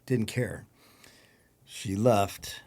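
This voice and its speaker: A man with a Detroit accent, a podcast guest recounting a personal story in a low-key, conversational way. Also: very slow, a little mellow. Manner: gravelly, low-key storytelling with acted quotes.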